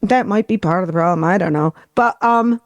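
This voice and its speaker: A woman's voice: mid-range voice, a little fast, dry recording. A middle-aged woman hosting a podcast, chatting in a rambling way and swearing freely. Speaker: podcast host. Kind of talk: casual chat.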